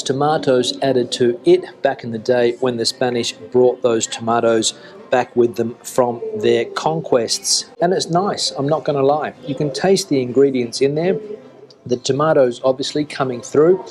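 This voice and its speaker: A middle-aged man talking casually to camera in a restaurant as a food vlogger, relaxed and chatty, with frequent fillers. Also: medium pitch. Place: restaurant in Spain.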